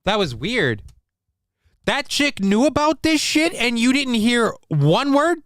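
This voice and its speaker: High, smooth-voiced joking man. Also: sing-song, takes it slowly, fairly bright tone, dry recording, clean studio sound. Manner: crude joking, mock voices, loose rambling. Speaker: host reacting to news clips. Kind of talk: casual comedic commentary.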